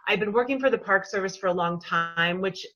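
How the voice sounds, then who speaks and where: A woman yoga teacher chatting in an interview, telling personal stories in a lively, animated way and laughing often. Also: mid-range voice, fairly quick, highs cut off, soft background music. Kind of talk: casual interview chat.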